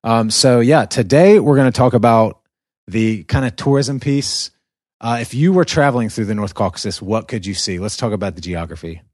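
A man's voice: medium pitch, normal speed, a little mellow, dry recording, studio quality. A man with an American Southern accent who hosts a podcast and explains things with enthusiasm in a casual chat. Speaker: podcast host.

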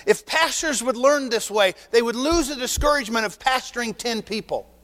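Pastor, male, high voice, animated sermon delivery with acted-out exchanges, church hall reverb. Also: normal speed. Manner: animated preaching with acted dialogue and rhetorical questions. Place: church sanctuary.

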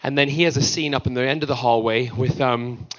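A man's voice: medium pitch, fairly even intonation, a little fast, lo-fi sound. A man, an actor guest on a fan panel, telling playful stories and acting out the quotes in voices. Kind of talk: convention panel storytelling.

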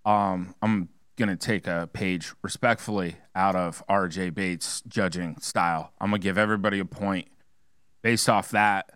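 A man's voice: deep voice, fairly even intonation, moderate pace, a bit bright, clean tone, no room sound, clean studio sound. A man hosting a debate show, announcing results in a joking way. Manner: joking, wrapping up. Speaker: host.

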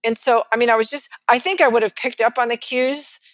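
Animated Texan woman telling a story. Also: fairly high pitch, fairly quick, dry recording. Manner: animated, acts out quotes of others. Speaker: financial advisor. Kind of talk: storytelling in a podcast interview.

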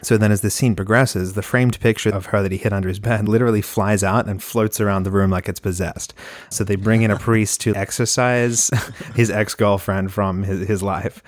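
Lively man explaining screenwriting. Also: fairly low pitch, normal speed, no room sound, studio quality. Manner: animated storyteller, laughs often. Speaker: screenwriting instructor, co-host. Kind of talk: casual teaching discussion.

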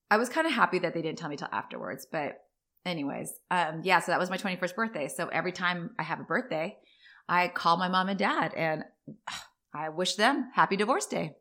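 A woman in her forties tells rambling personal stories in casual conversation. Her voice sits a little low but sounds bright and forward, and she leaps higher when something excites her. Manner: chatty, rambling, with tangents.

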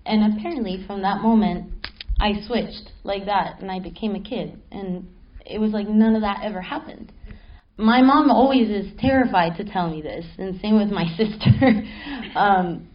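Animated woman telling a spooky story. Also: medium pitch, normal speed, dull audio. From Mexico City. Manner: animated, laughing, swears casually. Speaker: panel guest. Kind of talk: live panel storytelling. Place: stage at a film festival panel.

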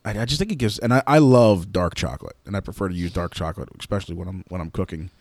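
A man co-hosting a podcast, chatting casually and often pausing to search for his words, recorded indoors. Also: low-pitched, a little mellow, no echo, studio quality. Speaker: podcast co-host. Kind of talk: casual chat. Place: indoor room.

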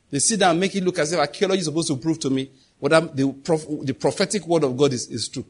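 A middle-aged preacher delivers a sermon, his voice somewhat husky and breathy. He speaks emphatically and conversationally, throwing rhetorical questions at the congregation. His pitch sits a little higher than most men's. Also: fast talker.

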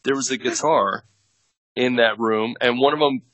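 The speaker is a man in his thirties, an actor and producer, chatting as a podcast guest and telling loose stories packed with fillers and laughter. He has a mid-range, fairly bright voice with a steady tone and speaks at normal speed. The audio has no echo but is rough.

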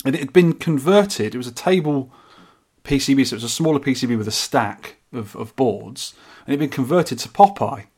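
Chatty podcast co-host guy, bit husky, keeps restarting his sentences. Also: medium pitch, lively intonation, a little fast, darkish tone. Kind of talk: casual chat.

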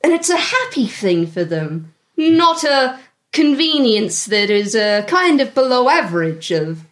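Haughty witchy fortune-teller voiced by a woman, high and lilting, unhurried, tabletop game. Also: very animated, fairly bright tone. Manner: haughty, theatrical, giggly. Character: snooty fortune-telling female would-be writer with a witchy cackle.

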